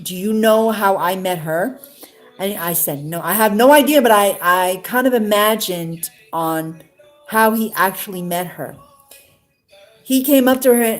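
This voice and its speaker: A woman telling a personal story to live viewers in a casual, emotional, rambling way, full of restarts and fillers. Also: medium pitch. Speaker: livestream host.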